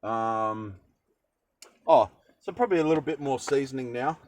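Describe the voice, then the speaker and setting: A man's voice: medium pitch, normal speed, darkish tone, dry recording, rough recording. A young Australian man chatting casually while cooking in a van, rambling with jokey asides. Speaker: cooking vlogger. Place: van kitchen.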